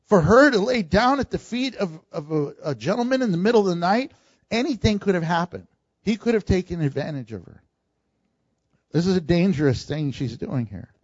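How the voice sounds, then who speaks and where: A man preaching a sermon, animated, acting out the lines he quotes and laughing often. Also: high voice, moderate pace, dry recording, lo-fi sound.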